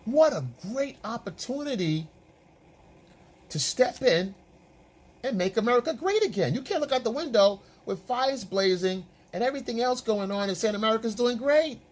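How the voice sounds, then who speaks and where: A man's voice: very high-pitched, lively intonation, normal speed. A man working as a dating and relationship coach, giving opinion commentary in an emphatic, repetitive, lecturing way.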